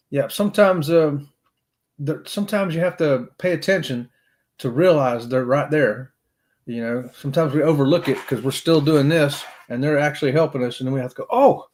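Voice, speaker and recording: A man's voice: a little high, a little mellow. A middle-aged man, hosting a casual livestream in a folksy, upbeat way while reading chat comments. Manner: folksy and upbeat, says "y'all" often. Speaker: livestream host.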